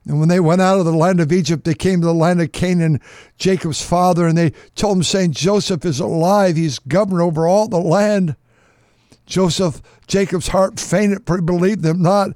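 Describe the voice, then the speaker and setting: High-voiced guy preaching, reads scripture, piles up repeated lines, dry close sound. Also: normal speed, no room sound. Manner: emphatic, repeating words and phrases; swings from loud outbursts to hushed tones. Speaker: pastor. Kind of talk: sermon reading scripture.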